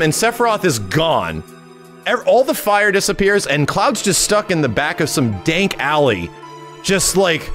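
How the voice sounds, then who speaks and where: An excitable man rattles through a game recap, swearing and humming the music, his voice leaping all over the place. A soft bed of music plays behind him. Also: sits high, normal speed. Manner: excitable and profane, with lots of fillers and sung hums. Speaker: gaming channel host.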